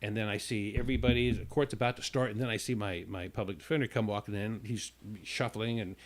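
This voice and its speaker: Hosting a radio talk show, a man with a lowish voice speaks quickly and with fairly even intonation. He tells a long personal story casually, stumbling and restarting, and acts out the people involved.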